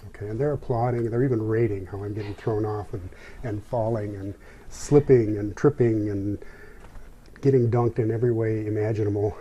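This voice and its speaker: A man telling a personal story as an interview guest, in a reflective, unhurried way. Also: fairly low pitch, steady tone, dark tone, lo-fi sound, a little hiss or hum.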